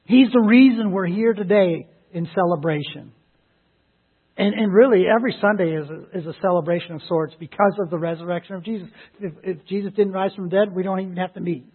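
A man preaching an Easter sermon, emphatic and animated, who laughs as he retells stories. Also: high-pitched, a little fast, slightly rough. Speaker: pastor. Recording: phone-like lo-fi sound.

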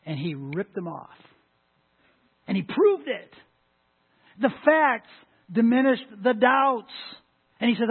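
A pastor preaching a sermon in a church, emphatic, stressing key words slowly and often restarting his phrases. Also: very high voice, animated, husky. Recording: tinny phone-like church recording.

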